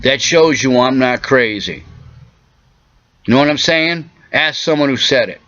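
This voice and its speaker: A man ranting angrily into the camera, profane and insistent, his voice hoarse and catching. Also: mid-range voice, measured pace, a bit bright, dry recording, dull audio. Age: 40s. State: hoarse, coughing. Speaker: vlogger. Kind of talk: angry personal rant to camera.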